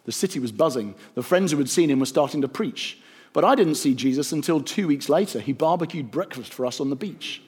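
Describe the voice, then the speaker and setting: Husky man telling a rhyming story. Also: on the high side, animated, fairly quick. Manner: rhythmic, gentle storytelling delivery. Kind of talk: rhyming scripted narration.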